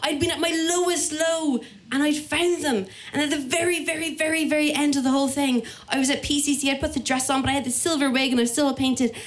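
An Irish woman telling a comic personal story live, animated and acting out the voices of the people in it. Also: high voice, quick pace. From Ireland.

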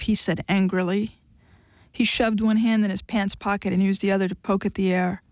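A woman giving an audiobook narration in an even, measured storytelling manner. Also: medium pitch, no echo.

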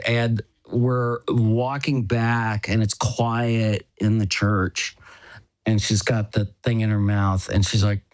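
A middle-aged man speaks slowly and thoughtfully, in a voice of ordinary pitch. His delivery is halting and reflective, with frequent "you know" fillers, restarts and soft chuckles. The recording is close and dry, with no room sound. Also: dry recording. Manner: chuckles as he talks. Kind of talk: casual personal storytelling.

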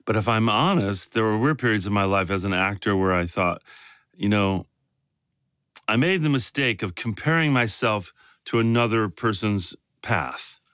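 A man's voice: on the low side, lively intonation, moderate pace, fairly bright tone, clean tone, no echo, studio quality. A man from Chicago, an actor as a guest, talking casually and rambling with lots of fillers. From south side of Chicago. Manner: rambling, full of "you know" and "like" fillers. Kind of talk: casual interview conversation.

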